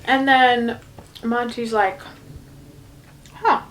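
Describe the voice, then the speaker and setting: A young woman retells a story in a loose, chatty way, scattering "like" and quoted lines. Her voice sits a little on the high side. A faint hiss runs underneath. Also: moderate pace, fairly bright tone. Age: young adult. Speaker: YouTuber retelling a musical's plot. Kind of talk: casual chat.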